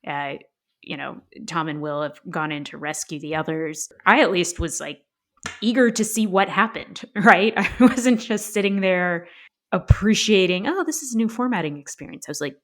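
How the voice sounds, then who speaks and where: A woman's voice: lowish voice, normal speed, fairly bright tone. A woman co-hosting a book club podcast, talking in a thoughtful, musing way. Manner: thoughtful, musing, frequent you know and right. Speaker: podcast co-host. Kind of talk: casual book club discussion.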